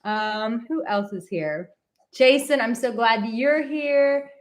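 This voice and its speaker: A woman's voice: a little high, slow. A woman relationship coach in casual live-stream chat from a relative's home, bubbly and talkative, reading out viewer comments.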